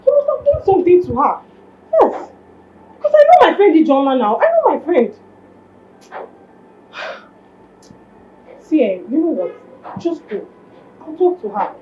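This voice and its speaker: A woman's voice: sits high, very animated, measured pace, pauses often, dull audio, a little hiss or hum. An actress playing a protective, suspicious female friend with a Nigerian accent, in a film drama. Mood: shocked. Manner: questioning, exclaiming.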